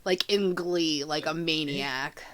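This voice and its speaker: A woman's voice: sits low, slow, a bit bright. A woman playfully describing what her character does in a tabletop game. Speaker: player.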